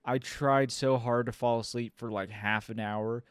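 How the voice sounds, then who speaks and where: A young man chatting on a podcast in a smooth, clear voice, spinning a rambling, profane story. The sound is dry and close to the mic, with no room echo. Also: mid-range voice, steady tone, measured pace. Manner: rambling, swears a lot, mimics people in quotes. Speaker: podcast co-host. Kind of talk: casual storytelling chat.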